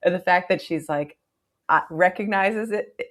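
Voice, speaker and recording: A woman co-hosting a book club podcast, casually retelling scenes and acting out characters' lines. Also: a little slow. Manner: animated retelling, acting out characters' lines with big pitch jumps.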